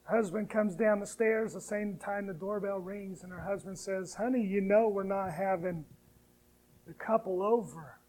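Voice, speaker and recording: A man preaching a sermon, moving from hushed, tender lines to loud, rising appeals and slowly reciting hymn verses. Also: high voice, low-quality recording. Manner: preaching with sharp swings between soft, hushed lines and loud, rising ones. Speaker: pastor.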